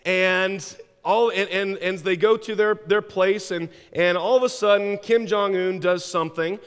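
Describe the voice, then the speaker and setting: Give me a male pastor giving an animated sermon, voice a bit high, echoing through a long hall. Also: measured pace, clean tone. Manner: animated storytelling, with frequent stammered restarts.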